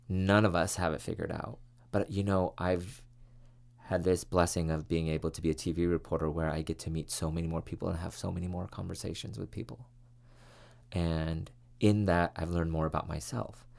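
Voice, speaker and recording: A man's voice: deep voice, vocal fry. A man who hosts a podcast and was once a TV reporter, telling his life story in an earnest, reflective way with many fillers. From California, US. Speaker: podcast host, former TV reporter. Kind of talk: personal storytelling monologue.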